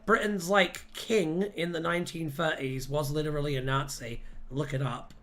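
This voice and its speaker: A man hosting a casual livestream, animated and laughing often as he rambles through jokes and rants. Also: fairly high pitch, moderate pace, hardly any pauses. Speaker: livestream host.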